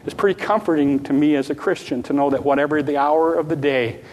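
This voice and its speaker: A man's voice: on the high side, fast, a little mellow, slight background noise. A man preaching a sermon, earnest and repetitive, sometimes acting out a child's pleading prayer. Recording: long reverb of a large hall.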